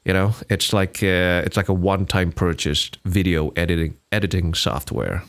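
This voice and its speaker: A man's voice: deep voice, steady tone, moderate pace. A man, hosting a casual solo podcast, rambling with lots of fillers and restarts. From Singapore. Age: 20s. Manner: rambling, frequent fillers and restarts, laughs often. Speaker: podcast host.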